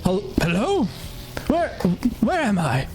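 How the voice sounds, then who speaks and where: A man's voice: high voice, huge pitch swings, exaggerated voice. A man voicing a confused, stammering plasmoid paladin in a tabletop game. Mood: bewildered. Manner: halting, stammering. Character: male plasmoid paladin in armor, dazed and confused.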